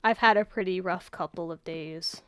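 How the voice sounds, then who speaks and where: A woman chatting in a rambling, low-key way over gameplay, her voice raw and tired, with casual swearing and trailing sentences. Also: normal speed, fairly bright tone, slight background noise. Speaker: gaming YouTuber.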